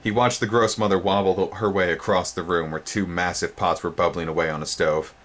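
Man, very low voice, dramatic storybook reading, theatrical pitch jumps, shows the pictures. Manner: theatrical, sudden pitch jumps on exciting words; pauses to show the book's pictures. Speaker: storybook reader.

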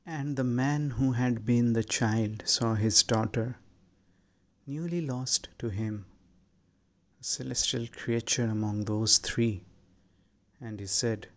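A man reading a storybook in a slow, measured scripted narration. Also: medium pitch. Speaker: audiobook narrator.

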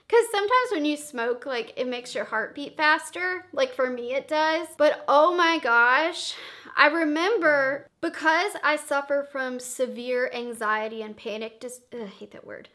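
A young woman vlogger telling a dramatic storytime with lots of profanity, swinging between loud bursts and hushed asides. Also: high-pitched, a little slow. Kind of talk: storytime vlog.

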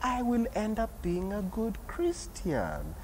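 A woman pastor teaching children in a Sunday school show, animated and expressive. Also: slow, crowd noise, poor audio. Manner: animated, acts out little quotes, sweeping pitch.

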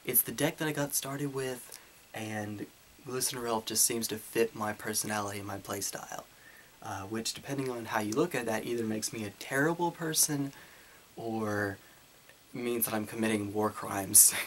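A man answering viewer questions in a relaxed, casual Q&A. He speaks at a middling pitch, pushed deliberately deeper and fuller than his everyday voice. A light Southern twang shows through anyway. A faint hiss sits under the recording. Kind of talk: casual Q&A monologue.

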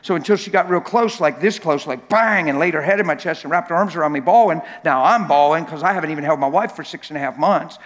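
A man with a high voice preaches a sermon in a church sanctuary. He tells stories with a lot of repetition and swings from quiet asides to loud shouts. His voice trails off into a long, echoing hall reverb. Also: quick pace, hardly any pauses. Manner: animated, repetitive storytelling that swells to shouting.

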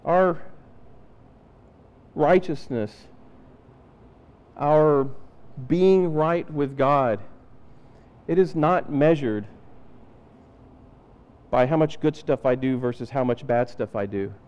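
High-voiced preacher in an echoing church. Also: male voice, slow pace, pauses often, darkish tone, clear, resonant tone, highs cut off. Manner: conversational, acts out Bible characters' lines. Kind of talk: sermon. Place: church sanctuary. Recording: reverberant church hall.

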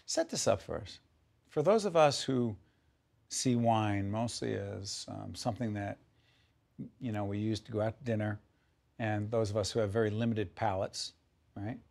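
A man's voice: on the low side, normal speed, creaky, pauses often, darkish tone. A middle-aged man hosting a TV interview, enthusiastic and playful, often jumping in. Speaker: TV interview host.

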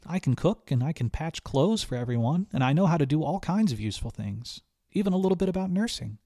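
A man doing a high, pleading young girl. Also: lively intonation, fast, warm tone, no room sound, studio quality. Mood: eager. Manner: pleading, raised pitch. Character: frightened young girl stowaway, earnest and eager.

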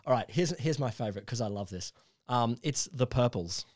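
A man from Australia co-hosting a casual podcast, quizzing his guests on old terms, laughing often and pausing with ums and restarts. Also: medium pitch, lively intonation, a little mellow, dry recording. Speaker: podcast co-host quizzing the others. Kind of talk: casual comedic chat.

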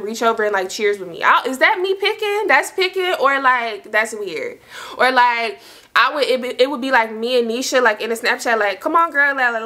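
Bright-voiced fast-chatting young woman. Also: on the high side. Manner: chatty, slangy, talks fast and loops back with asides. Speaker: storytime vlogger. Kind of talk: casual storytelling to camera.

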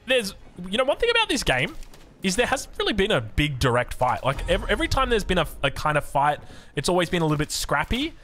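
A man's voice: sits high, huge pitch swings, brisk, sharp tone, faint music behind. A young Australian man casting a strategy game match, jokey and full of puns. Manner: jokey, punning, self-deprecating. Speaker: game caster. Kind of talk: live match commentary.

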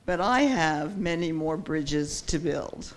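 A woman voicing a calm, wise traveling carpenter in a spoken story, with a gentle, unhurried manner. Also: low voice, background noise, voice pushed down, heavily acted. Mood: kind.

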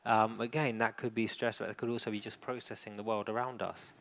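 Guy doing a dog training demo at an event, soft encouraging coaching, talks through what the dog's doing. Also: fairly low pitch, flat delivery, fairly quick. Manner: gentle, encouraging, narrates the dog's behaviour. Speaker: dog trainer giving a live demonstration. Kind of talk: presentation with live coaching. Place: indoor event hall.

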